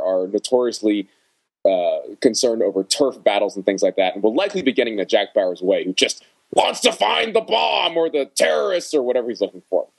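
A man's voice: lowish voice, a little mellow, rough recording. A man on a podcast panel, chatting casually, rambling and self-deprecating.

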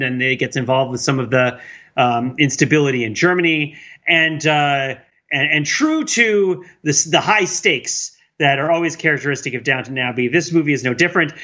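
Casual male co-host, bright and slightly high, dull lo-fi recording, lots of fillers and laughs. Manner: chatty, laughs often, many fillers and restarts. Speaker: film podcast co-host. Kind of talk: casual chat.

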